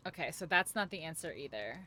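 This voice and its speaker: A woman's voice: deep voice, lively intonation, quick pace, pushed and bright. A woman live-streaming a game, chatting in a rambling, jokey way and swearing casually as she plays. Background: game music.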